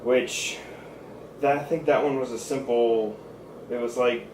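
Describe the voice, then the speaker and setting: A man chatting casually as a co-host, wandering through his thoughts with plenty of ums and restarts. His voice sits at an ordinary pitch. He sounds a little distant from the mic, in a roomy space with faint background noise. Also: fairly even intonation, a little slow, a little mellow. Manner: rambling, many fillers and restarts. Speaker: podcast co-host. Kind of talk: casual chat.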